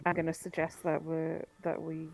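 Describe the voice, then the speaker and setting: A woman's voice: sits low, monotone, moderate pace, vocal fry, background noise. A woman playing a tabletop game, giggly and easygoing. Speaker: player.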